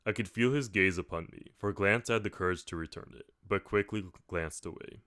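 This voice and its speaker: A man reading a novel aloud in plain, steady first-person narration. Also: lowish voice, brisk, no room sound, clean studio sound. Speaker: audiobook reader.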